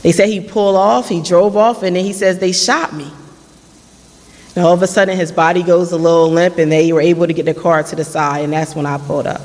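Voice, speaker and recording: Someone in their late 30s gives an earnest personal testimony at a community forum in a church hall, acting out past conversations in their own voice. They speak fairly quickly at medium pitch with little pitch movement, and the hall adds a long reverb.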